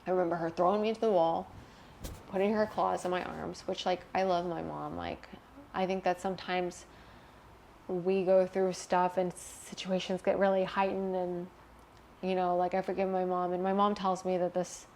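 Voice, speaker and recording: A woman's voice: lowish voice, flat delivery, normal speed, vocal fry, darkish tone, a little hiss or hum. Candid young woman telling her story. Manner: candid, emotional, swears freely. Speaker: interview guest. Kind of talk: personal storytelling interview.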